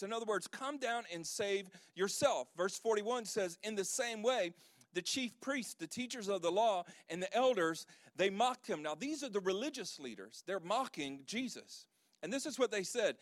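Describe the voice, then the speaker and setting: A man's voice: high voice, lively intonation, moderate pace, fairly bright tone, no echo, studio quality. A man preaching a sermon as pastor, reading scripture emphatically and leading a prayer.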